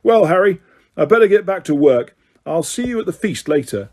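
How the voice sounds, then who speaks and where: A man's voice: sits high, big pitch swings, fairly quick, a little mellow, voice pushed up, exaggerated voice. A man reading an audiobook, voicing a mild, polite adult male teacher.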